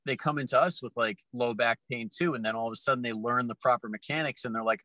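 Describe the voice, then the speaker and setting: Bright-voiced man hosting a podcast. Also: medium pitch, fast talker, hardly any pauses, dry recording. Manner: easygoing, relaxed phrasing with "like" fillers. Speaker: podcast host. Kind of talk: casual podcast chat.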